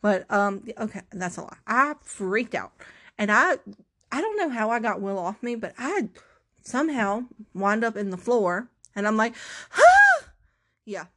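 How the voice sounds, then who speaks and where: A woman's voice: mid-range voice, animated, moderate pace, a bit bright. Self-mocking woman telling a dramatic story. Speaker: vlogger. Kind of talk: casual storytelling to camera.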